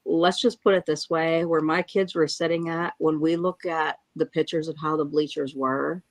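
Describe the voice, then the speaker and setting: Woman eyewitness, lowish voice, halting and emotional, dry close sound. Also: fairly even intonation, no room sound. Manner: halting, breaks off and apologizes, restarts; angry and frustrated. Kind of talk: emotional first-hand account.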